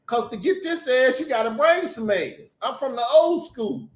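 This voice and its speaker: A man's voice: very high-pitched, animated, normal speed, hardly any pauses, echoey room. A man, hosting a casual talk and telling stories in a blunt, profane way. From Southern United States. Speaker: host. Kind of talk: casual chat.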